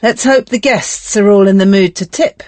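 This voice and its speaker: A woman voicing an anxious young singer in an audiobook, her delivery quick and nervous. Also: medium pitch, darkish tone, dry recording, voice pushed up, close to an everyday voice.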